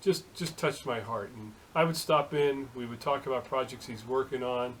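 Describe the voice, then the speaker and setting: A middle-aged man talks through a casual vlog story at an ordinary pitch, halting often and filling gaps with "uh." He sounds like a home shop machinist chatting to the camera. A faint hiss sits behind his voice. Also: fairly even intonation, fairly bright tone, rough recording. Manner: halting, full of uh fillers and restarts.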